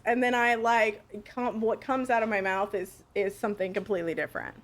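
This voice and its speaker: Excitable high-voiced woman streamer. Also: normal speed, few pauses. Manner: excitable, laughing, swears freely. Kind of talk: casual live game commentary.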